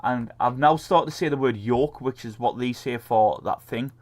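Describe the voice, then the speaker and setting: A man's voice: medium pitch, normal speed. Sweary casual man chatting about games. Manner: sweary, laughs often. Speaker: podcast co-host. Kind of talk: casual gaming chat.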